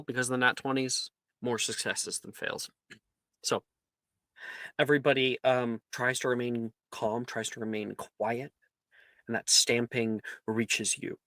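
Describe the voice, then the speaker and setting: Slow gravelly game master. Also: male voice, mid-range voice, a bit bright, dry recording. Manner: unhurried, with many ums and likes. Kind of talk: narrating a tabletop game.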